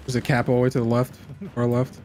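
Fast-talking man calling out game moves. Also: mid-range voice, monotone, a little mellow, soft background music. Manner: quick, joking callouts. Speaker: co-op gaming partner. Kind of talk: casual gameplay chat.

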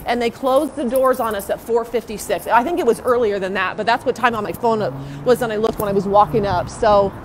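A fairly high-voiced young woman talks into a handheld phone outdoors, indignant and agitated. She walks as she talks, with faint traffic noise behind her. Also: brisk, hardly any pauses, poor audio. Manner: indignant, agitated, repeating herself. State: hurried, walking outdoors. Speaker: citizen livestreamer. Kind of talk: live phone stream. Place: outdoors near a courthouse. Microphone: phone held in hand.

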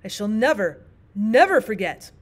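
Woman playing a flustered chess king, indignant, slow, loud, storybook. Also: mid-range voice, very animated. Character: flustered, sulky White King chess piece, male.

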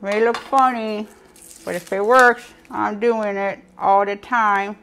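A woman's voice: medium pitch, steady tone, takes it slowly, a bit bright, faint music behind. A woman hosting a casual live cooking show, chatty and giggly, talking to her viewers with a piece of bread in her mouth.

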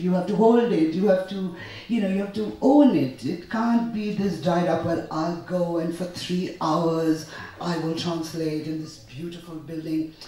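Indian woman telling stories in an echoey hall. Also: lowish voice. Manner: animated, anecdotal, with acted-out quotes. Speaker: author and translator. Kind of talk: storytelling talk at a literary festival. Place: festival hall. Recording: echoey hall, distant mic.

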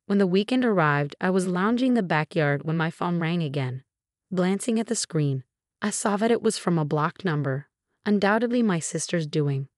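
Low-voiced woman narrating a story. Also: animated, moderate pace, no echo, clean studio sound. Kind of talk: scripted first-person story narration.

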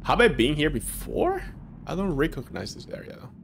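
A young man giving jokey, excitable commentary while playing a game, swearing and reacting loudly. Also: on the high side, moderate pace, gravelly, noisy background. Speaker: gaming streamer. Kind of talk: let's play commentary. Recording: music playing behind.

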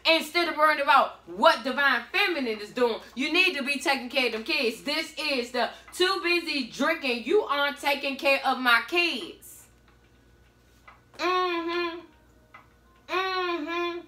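A woman's voice: high-pitched, measured pace, roomy sound. A woman giving a blunt, sassy tarot reading in a casual monologue. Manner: sassy, blunt, animated storytelling. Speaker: tarot reader.

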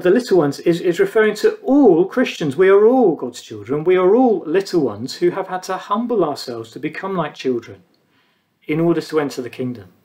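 A man preaching a sermon, earnest, pausing between phrases and dropping low on key words.

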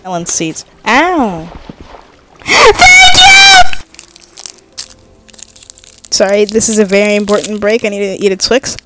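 A woman's voice: medium pitch, brisk, background noise. A woman giving casual, jokey commentary while playing a game, chatting to herself and swearing now and then. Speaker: gaming vlogger.

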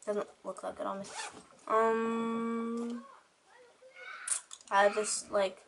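A woman's voice: fairly high pitch, flat delivery, slow, a little hiss or hum. A teenage girl talking through her things in a casual, rambling show-and-tell chat, with lots of "like" in her speech. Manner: chatty, rambling, heavy use of "like". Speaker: vlogger. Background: crying children.

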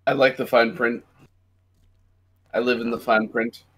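Man, tabletop player, slow unhurried delivery, wry and laid back. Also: mid-range voice, level tone, fairly bright tone, husky. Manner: slow, laughs often, wry. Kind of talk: casual chat.

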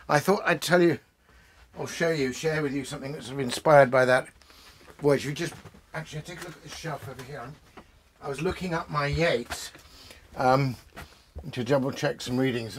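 A man's voice: a little high, fairly quick, a bit bright, slight background noise. A man hosting a casual, rambling talk about poetry at home among his bookshelves, with many fillers and restarts. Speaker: poet and host.

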